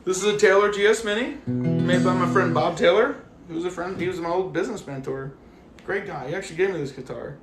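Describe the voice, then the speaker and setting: Over music, a high-pitched man talks a little fast in a reverberant recording. He's casually ranting on a phone livestream while walking his dog. He swears freely and animatedly performs the voices of the people in his stories.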